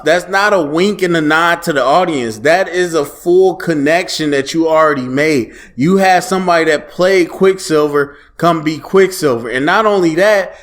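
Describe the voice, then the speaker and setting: A man talks through his take on a TV episode in an easygoing, animated way. His voice sits a little higher than most men's, and he slips into quoted dialogue without breaking his conversational flow. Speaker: TV show reviewer. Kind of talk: casual solo review talk.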